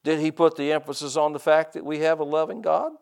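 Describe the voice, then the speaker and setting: A man's voice: a little high, little pitch movement, fast talker, vocal fry, a little mellow. A middle-aged man preaching a sermon, stretching out scripture quotes for emphasis and tossing casual asides to the congregation. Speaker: pastor.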